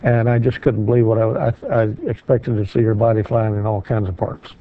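An older man, a grandfather, giving a measured, factual eyewitness account as a TV guest. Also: on the low side, flat delivery. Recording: tinny phone-like sound with faint noise.

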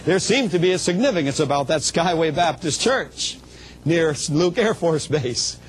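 High-voiced preacher man, fervent testimony. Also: expressive, normal speed, slight background noise, low-quality recording. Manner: fervent, storytelling, rising to emotional shouts; stumbles and repeats small words. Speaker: traveling minister. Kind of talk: testimony sermon.

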